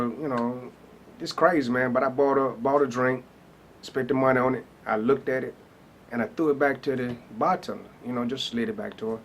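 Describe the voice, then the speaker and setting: A man's voice: medium pitch, a little hiss or hum. A man, a pastor telling his personal story in a loose, casual way with many fillers. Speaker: pastor and rapper.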